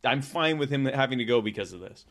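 A man's voice: medium pitch, expressive, fast talker, a bit bright. A man co-hosting a podcast, rambling and sarcastic in casual political comedy chat, with lots of filler words. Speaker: podcast co-host.

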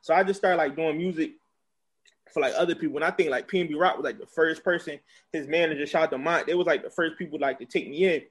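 A man's voice: a little high, fast, breathy edge. A young man with a Philadelphia accent, a music promoter chatting casually as an interview guest, rambling with lots of fillers. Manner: laid-back, filler-heavy rambling.

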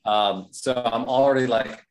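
A man who performs with whips, chatting as a podcast guest in an animated, casual and sometimes profane way. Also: medium pitch, measured pace. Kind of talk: casual interview chat.

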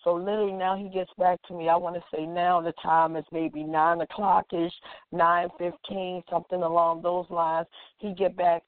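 A woman with a lowish voice tells a personal anecdote at a moderate pace, animatedly acting out the quoted exchanges and leaning heavily on "like." The audio has no echo and a dry, phone-like tinniness.

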